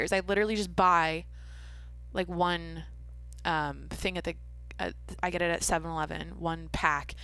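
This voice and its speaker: A woman's voice: medium pitch, bright, forceful tone, no room sound. A young woman hosting her own podcast, rambling casually and candidly with lots of filler words, small restarts and giggles. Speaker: podcast host. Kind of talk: casual solo podcast chat. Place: home room with closed windows.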